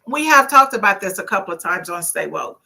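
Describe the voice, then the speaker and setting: A woman's voice: medium pitch, brisk, creaky. A woman, hosting a casual livestream talk show and reading viewer comments in an outspoken, preachy way. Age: 50s. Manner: outspoken, lively, preachy, swears.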